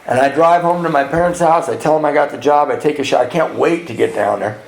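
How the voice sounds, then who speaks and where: A man's voice: a little high, quick pace, vocal fry. A man from California giving a personal recovery talk at a retreat, telling stories and acting out the dialogue, laughing at himself as he goes. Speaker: retreat speaker sharing his recovery story. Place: retreat meeting room. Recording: roomy echo.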